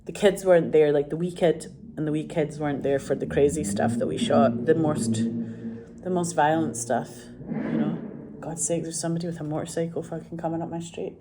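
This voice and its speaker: A woman with a Scottish accent chatting casually to camera, rambling and animated, swearing freely. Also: low-pitched, brisk, very noisy. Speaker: vlogger.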